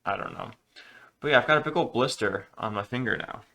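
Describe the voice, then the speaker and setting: A man's voice: mid-range voice, a little fast, pushed and bright. A man chatting casually in a home kitchen while he cooks, rambling and joking about himself. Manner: rambling, self-deprecating, joking. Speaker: cooking vlogger. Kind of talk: casual cooking vlog.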